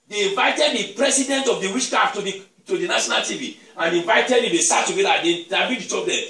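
A man preaching a sermon as an apostle, telling stories that build into shouted declarations, in a church hall. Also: high-pitched, animated, fast, few pauses. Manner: storytelling that swells into shouted declarations. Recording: echoey church hall, distant mic.

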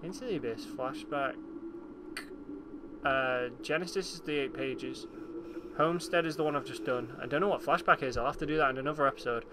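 A man recording let's play commentary on a horror game, swearing and yelling when startled and reading in-game notes aloud in a flat voice. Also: medium pitch, a little fast, noisy background. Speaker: gaming channel host.

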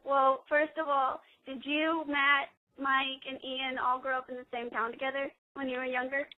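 A woman calls into a radio show and sounds nervous and giggly as she asks her questions. Her high voice comes through a tinny phone line. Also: little pitch movement, normal speed. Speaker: caller.

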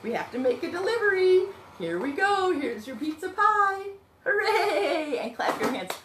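A young woman hosting a sing-along show for toddlers, talking slowly and playfully to small children. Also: very high-pitched, sing-song, a bit bright, reverberant, slight background noise. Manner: slow, exaggerated, playful talk to small children. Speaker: children's music teacher and show host.

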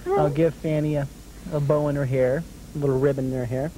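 A man's voice: a little high, fairly even intonation, fairly quick, background noise. A man hosting a children's drawing lesson, talking his young viewers through each step with patient, encouraging questions and frequent chuckles. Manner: chuckles often while drawing.

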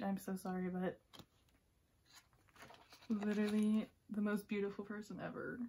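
A woman's voice: mid-range voice, flat delivery, moderate pace, long pauses, warm tone, slight background noise. Giddy young woman gushing over an unboxing. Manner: giddy, gushing, often drops to a whisper. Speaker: K-pop fan vlogger. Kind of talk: excited unboxing vlog.

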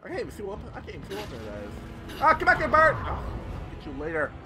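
Young male let's-player: very high, animated voice, yelps and swears, game music under him. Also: fast, rough recording. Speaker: let's play gamer. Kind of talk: live gameplay commentary. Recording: loud game music behind voice.

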